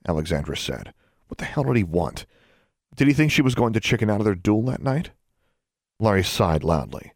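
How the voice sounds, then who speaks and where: A man narrating a story aloud with expressive delivery. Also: sits low, fairly quick, dry recording, clean studio sound. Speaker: audiobook narrator. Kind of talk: scripted narration.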